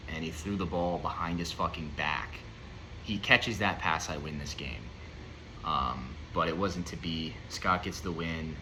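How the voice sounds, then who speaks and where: Low-voiced, ranting young man. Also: noisy background. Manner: ranting, profane, rambling with many fillers. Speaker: fantasy football league member reviewing the week. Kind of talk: casual unscripted commentary.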